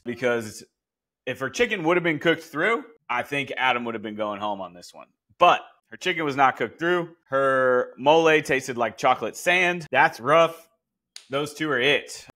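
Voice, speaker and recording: Man, casual recap host, bright clear tone, blunt and chatty, curses freely. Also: medium pitch. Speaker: podcast host recapping a cooking show. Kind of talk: casual commentary.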